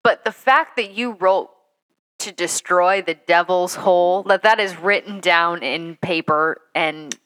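Teasing woman co-host, lowish voice. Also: measured pace, fairly bright tone, clean tone, poor audio. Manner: teasing, amused listener. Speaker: podcast co-host. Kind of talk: casual chat.

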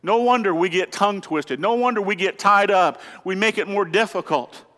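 Male pastor, high voice, earnest emphatic sermon, rhetorical questions, long church reverb. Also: normal speed, fairly bright tone. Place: church sanctuary.

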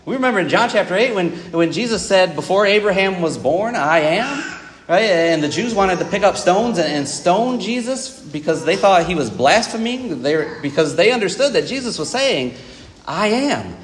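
A man's voice: high voice, big pitch swings, normal speed, big-room sound, slight background noise. A man preaching a Sunday sermon in a church, talking conversationally to the congregation with frequent fillers and asides. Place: church auditorium.

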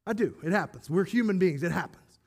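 Man, pastor, sermon, high voice, enthusiastic, conversational, self-deprecating. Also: lively intonation, brisk.

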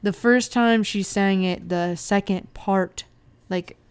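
A woman's voice: medium pitch, takes it slowly, smooth. A woman co-hosting a casual chat, opinionated and explaining singing technique in detail.

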